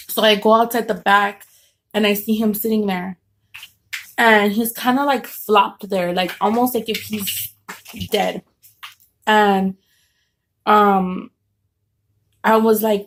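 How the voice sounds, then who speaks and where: A woman's voice: mid-range voice, steady tone, a little slow, long pauses. Rambling woman telling a story at home. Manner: rambling with many fillers and restarts. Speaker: vlogger telling a story while eating. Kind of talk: casual storytelling.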